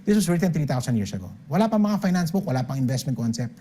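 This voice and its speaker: A man's voice: on the high side, big pitch swings, rapid-fire, mellow. An older man with a Filipino accent giving an emphatic seminar talk on money, switching between English and Tagalog and checking in with "okay?". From Philippines. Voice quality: emphatic, punctuates points with "okay?". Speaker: financial speaker.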